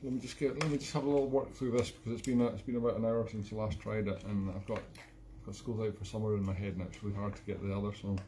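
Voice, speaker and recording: A man's voice: fairly low pitch, steady tone, fast talker. A Scottish man hosting a live home music stream, rambling and joking between songs in a casual chat. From Scotland. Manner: jokey, rambling, self-mocking. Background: accordion music.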